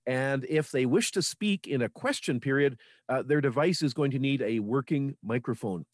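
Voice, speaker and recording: A man from Manitoba, Canada, talks as a radio interview guest in an earnest, informative way. He has a middle-pitched voice, and the recording is close and dry, with no room sound. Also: expressive, normal speed, dry recording. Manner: earnest and informative, with small restarts. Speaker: radio guest on local history.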